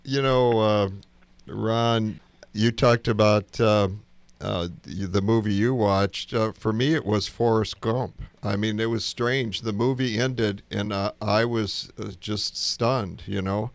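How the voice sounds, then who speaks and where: A man's voice: fairly low pitch, steady tone, slow, creaky, clear, resonant tone, no room sound. A man co-hosting a radio talk, speaking hesitantly with many fillers. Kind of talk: casual radio discussion.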